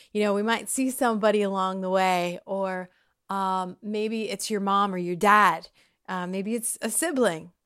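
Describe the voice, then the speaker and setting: Woman vlogger, casual heartfelt reflection to camera at home, rambly and sincere. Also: medium pitch. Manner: warm, chatty, rambling with fillers. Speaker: vlogger sharing personal reflections. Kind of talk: casual heartfelt talk to viewers. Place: home, kitchen or dining table.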